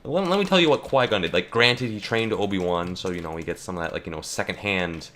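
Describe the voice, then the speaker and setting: Bright-voiced young man ranting jokingly. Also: deep voice, animated, fast talker. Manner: joking, rambling, many fillers and restarts. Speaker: gaming YouTuber. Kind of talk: casual rant while playing.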